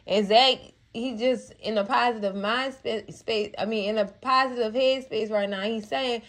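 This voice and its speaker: Chatty, emotional woman with a high voice. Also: steady tone, normal speed, few pauses, fairly bright tone. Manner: chatty and emotional, addresses viewers as cousins and girl; heartfelt, moved to tears at times. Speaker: TV recap channel host. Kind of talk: casual TV episode recap and review.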